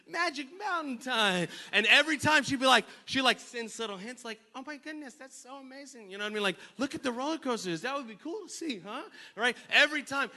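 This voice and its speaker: A young adult man preaching a lively sermon in a church, telling playful stories and calling for responses from the congregation, with sudden loud bursts. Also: sits high. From Northern California. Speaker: pastor. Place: church sanctuary.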